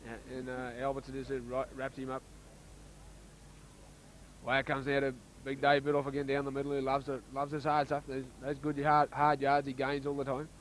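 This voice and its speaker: An Australian man giving casual, chatty commentary on a local rugby league match, getting excited when play heats up. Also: medium pitch, a little fast, a little hiss or hum, rough recording.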